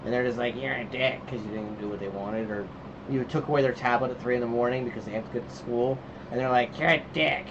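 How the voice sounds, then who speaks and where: Talking fast in a steady, mid-range voice, this man co-hosts a casual podcast and wanders through anecdotes about his children, performing their lines as he goes. The sound is dull and lo-fi with a trace of noise.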